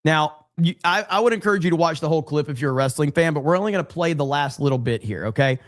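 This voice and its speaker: A man's voice: fairly high pitch, animated, fast talker, dry recording, clean studio sound. A man hosting a casual livestream podcast, laid back and chatty, reading out viewer comments with plenty of fillers. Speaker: podcast host.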